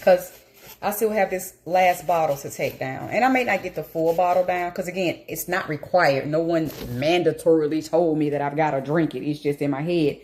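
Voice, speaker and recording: Speaking at a moderate pace in a voice that sits low, a woman rambles through a casual vlog. She is animated, eats as she talks, and confesses to feeling anxious.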